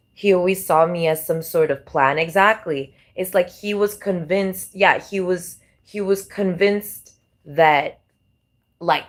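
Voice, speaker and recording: A woman gives a casual tarot reading, circling back and repeating herself as she talks. Her voice sits slightly low for a woman. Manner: rambling, repetitive, heavy on fillers. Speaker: tarot reader.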